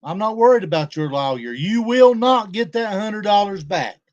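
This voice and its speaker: A man's voice: sits high, expressive, moderate pace, lo-fi sound. A man talking casually to viewers on a livestream, aggrieved and confrontational as he addresses a rival and his audience. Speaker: YouTube livestreamer.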